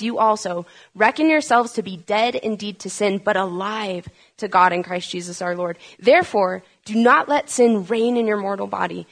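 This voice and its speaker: A woman preaching a sermon, asking rhetorical questions and building to urgent, emphatic peaks. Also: medium pitch.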